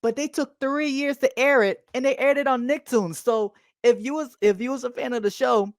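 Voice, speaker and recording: A woman's voice: sits high, steady tone, normal speed, no room sound. A young woman co-hosting a podcast, rambling casually with lots of fillers and swearing. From United States. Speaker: podcast co-host. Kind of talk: casual chat.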